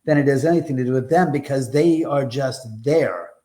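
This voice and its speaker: A man's voice: medium pitch, a little fast, warm tone. A man talking as a guest on a live show, emphatic and rambling, with blunt remarks and mild swearing. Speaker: guest, haunted house owner. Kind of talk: animated conversational storytelling.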